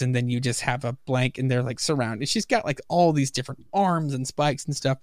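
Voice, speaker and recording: A man co-hosting a laid-back comics podcast. He talks loosely and swears as he walks through the scenes, in a middle-pitched voice. The sound is close and dry, with no room around it. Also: fairly even intonation, a little fast, no room sound. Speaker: podcast co-host. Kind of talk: casual chat about comics.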